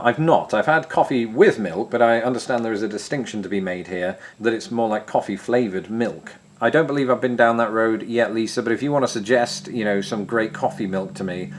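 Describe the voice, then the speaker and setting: A man with an English accent from Grimsby, with some American R sounds, chatting wryly to camera as he answers viewer questions. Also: mid-range voice. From England. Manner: chatty and wry, self-deprecating jokes. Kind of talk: casual chat to camera.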